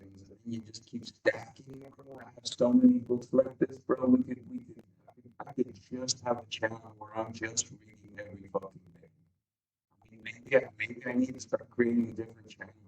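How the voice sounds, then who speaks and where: A man hosting a casual livestream, musing aloud and drifting between quiet self-talk and louder chat. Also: mid-range voice, little pitch movement, moderate pace. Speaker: livestream host. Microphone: streaming mic, turned away at times. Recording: distant, dull lo-fi stream audio.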